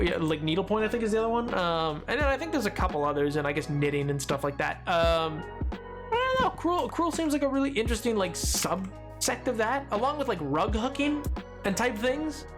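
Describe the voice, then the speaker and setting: A streamer from Britain chatting casually on a live stream, rambling and playful, often breaking off mid-thought. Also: medium pitch. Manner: rambling, playful, self-interrupting. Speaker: game streamer. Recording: stream audio with music underneath. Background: background music from the stream.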